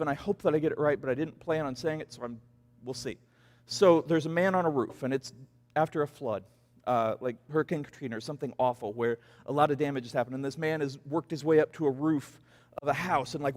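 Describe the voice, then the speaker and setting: A man's voice: fairly high pitch, darkish tone. A man leading a church youth group, casually rambling through a Bible story and acting out the people in it. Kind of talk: youth devotional talk. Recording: long church reverb.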